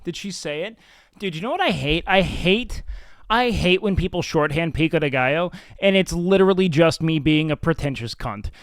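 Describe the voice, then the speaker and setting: A man's voice: fairly high pitch, expressive, moderate pace, smooth, no room sound, clean studio sound. A man hosting a livestream, chatting casually and reading chat in a blunt, profane, self-mocking way. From Mexican and Salvadoran heritage. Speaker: livestream host.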